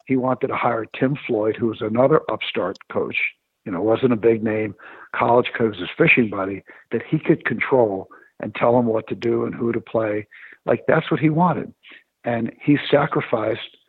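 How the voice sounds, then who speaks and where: Husky man telling stories over a phone line. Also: mid-range voice, moderate pace, no echo. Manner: animated storyteller. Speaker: former sports agent. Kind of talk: storytelling interview on radio. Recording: tinny phone-line radio sound.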